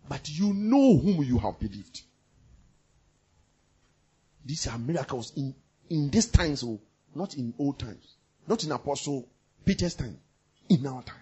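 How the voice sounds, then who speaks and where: Male pastor, impassioned sermon; slightly raised pitch, very lively delivery with sudden loud bursts. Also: slightly rough. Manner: impassioned, swings from loud bursts to near murmurs; repeats phrases for emphasis.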